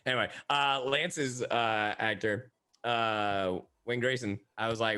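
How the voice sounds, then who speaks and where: A man's voice: medium pitch, steady tone, slow, bright, forceful tone, smooth. A man, a voice actor on a panel, telling a story in casual chat with stammered restarts.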